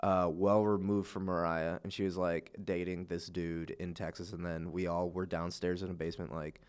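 A man's voice: sits low, little pitch movement, moderate pace, smooth. A young man co-hosting a podcast, chatting casually and telling a story, with lots of "like" and "dude" and easy swearing. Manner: laid-back, swears freely, lots of "like" and "dude". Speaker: podcast co-host. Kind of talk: casual chat.

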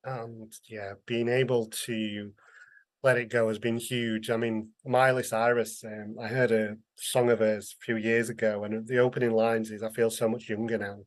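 A man's voice: lowish voice, flat delivery, moderate pace. Earnest man. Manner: earnest, emotional, acts out quoted voices. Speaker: interview guest, author. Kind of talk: candid conversational storytelling.

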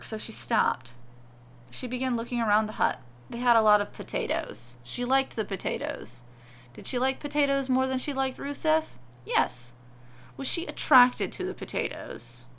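A woman reads a comic tale aloud in a dry, deadpan manner. Her voice sits fairly high with a thick gravelly fry. She lets the absurd lines land without fuss. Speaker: storyteller. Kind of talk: comedic storybook narration.

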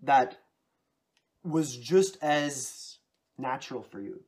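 A man's voice: medium pitch, lively intonation, takes it slowly, a little mellow. A man in casual chat, thoughtfully explaining tips on voicing characters at length.

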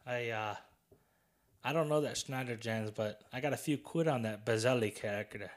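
A man's voice: medium pitch, normal speed, natural voice. A man putting on a British accent to play a chatty British man who bets on golf as a hobby. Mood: breezy. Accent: British, put on.

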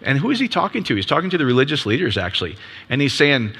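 A man's voice: mid-range voice, big pitch swings, fast talker, bright, forceful tone, breathy edge. A man in his fifties giving a casual, conversational sermon as a ministry leader, upbeat and full of rhetorical questions. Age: 50s. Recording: long hall reverb.

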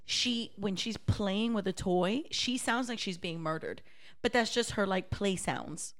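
A woman's voice: medium pitch, animated. A woman chatting casually with friends, teasing them and swearing freely. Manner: teasing, profane, quick comebacks. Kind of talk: casual chat.

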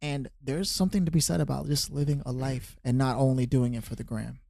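A man's voice: mid-range voice, fairly even intonation, fairly quick, vocal fry, dark tone, dry recording, studio quality. A man co-hosting a podcast, musing and philosophizing in a loose, filler-heavy way. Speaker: podcast co-host. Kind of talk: casual podcast chat.

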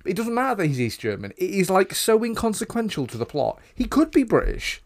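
A man's voice: high voice, big pitch swings, brisk. Male podcast co-host, sardonic, blunt, swears freely. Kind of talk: casual chat.

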